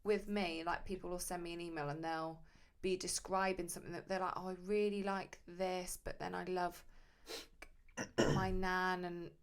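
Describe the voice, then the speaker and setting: Chatty woman with vocal fry. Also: on the low side, normal speed. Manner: chatty, animated storytelling. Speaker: guest tattoo artist. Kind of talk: casual chat.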